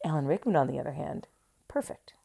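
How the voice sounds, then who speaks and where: Woman, has a cold, co-host, teasing, dry humor, very lively intonation, home. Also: low voice, gravelly, slightly rough. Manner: teasing, dry, quick with jokes and mock quotes. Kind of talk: casual movie-watching banter. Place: living room at home.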